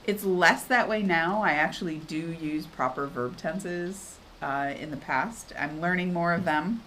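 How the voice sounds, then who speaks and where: A woman's voice: fairly low pitch, a little slow, slight background noise. Chatty woman co-hosting a livestream. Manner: chatty, animated storytelling. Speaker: livestream co-host. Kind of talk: casual livestream chat.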